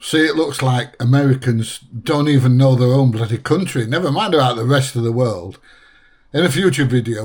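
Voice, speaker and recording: A man's voice: mid-range voice, darkish tone. An English man hosting a reaction video, talking in a chatty, amused way. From England. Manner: chatty and amused, laughs often. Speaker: host. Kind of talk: casual reaction commentary.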